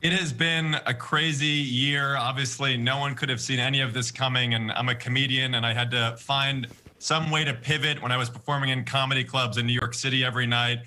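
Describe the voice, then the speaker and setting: A man's voice: medium pitch, a little fast. A man in his twenties, a comedian guest on a TV interview, talking eagerly. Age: 20s. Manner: energetic, eager.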